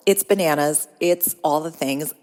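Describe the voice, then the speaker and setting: A woman's voice: deep voice, a little slow, darkish tone. A woman, hosting a casual podcast from a corner of her home, upbeat and chatty with frequent laughs. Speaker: podcast host and business coach.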